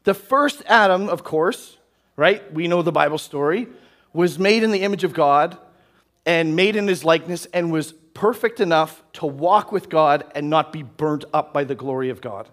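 A pastor preaching to his church in a high-pitched voice. He keeps the sermon casual and conversational, checking in with the room with "right?" as he goes. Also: moderate pace, fairly bright tone. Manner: conversational, often asks "right?". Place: church hall.

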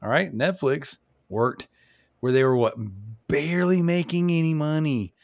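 A man's voice: a little high, unhurried, gravelly, darkish tone, no echo, clean studio sound. A man hosting a casual podcast, making his points emphatically, often restarting and asking "you know what I'm saying?". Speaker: podcast host.

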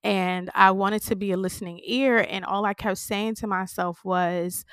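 A woman's voice: mid-range voice, fairly even intonation, normal speed, hardly any pauses, a bit bright, clear, resonant tone, no room sound. A woman hosting a podcast, talking candidly and emotionally to her listeners, shaken and close to tears. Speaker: podcast host. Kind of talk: personal podcast talk.

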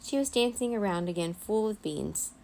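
Woman reading a kids' bedtime story, gentle and expressive, bit of a gravelly creak. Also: mid-range voice, moderate pace. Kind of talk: children's bedtime story read-aloud.

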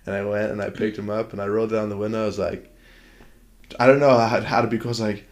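This is a man with a somewhat low voice, chatting casually as a co-host. He tells his stories with a joking edge and throws in goofy voices for the people he quotes. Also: little pitch movement, fast talker. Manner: joking storyteller, does silly voices. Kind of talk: casual chat.

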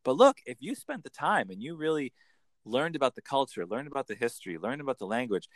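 A man, a coach explaining in an enthusiastic conversational interview with quick acted examples. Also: medium pitch, very animated, no echo. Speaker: accent coach.

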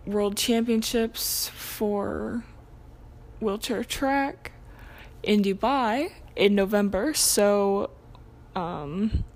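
Hosting her own podcast alone, a college-aged young woman chats casually in a mid-range, slightly mellow voice. She tends to ramble, peppering her talk with ums and correcting herself.

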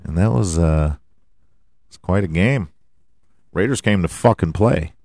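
A man's voice: low-pitched, unhurried, creaky, darkish tone, dry recording, clean studio sound. A man hosting a podcast, giving rambling, profane, joking commentary on his own. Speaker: podcast host. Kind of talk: casual solo commentary.

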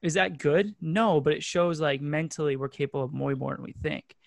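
A man's voice: a little high, steady tone, a little fast, creaky, no room sound, studio quality. A man who is into strength training and obstacle races, talking casually and earnestly in a rambling way. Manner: earnest, rambling, many "like" fillers. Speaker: fitness coach and podcast co-host. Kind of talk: casual podcast chat.

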